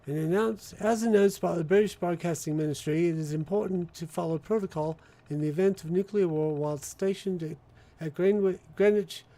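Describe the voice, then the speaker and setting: A man's voice: a little high, animated, gravelly, dark tone. Man putting on a stiff British terminal announcer. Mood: officious. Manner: halting mock-British read with stumbles.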